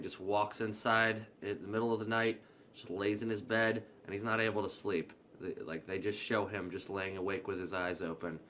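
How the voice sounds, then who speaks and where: A man's voice: mid-range voice, a bit bright, slight background noise. A man casually recapping a horror film's plot, loose and profane, acting out the characters' lines as he goes. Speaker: movie reviewer.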